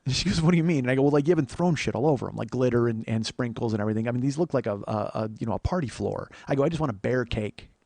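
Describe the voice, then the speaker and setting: A man's voice: medium pitch, rapid-fire, creaky, hardly any pauses, dry recording. A man telling a long comic story on a podcast, swearing freely and acting out both sides of a conversation. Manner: profane, animated storytelling, breaks into laughter.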